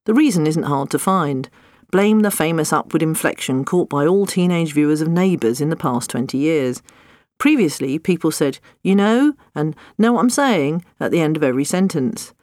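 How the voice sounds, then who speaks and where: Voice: mid-range voice, expressive, moderate pace, a little mellow, no room sound. A narrator reading scripted nonfiction with wry, dry humor.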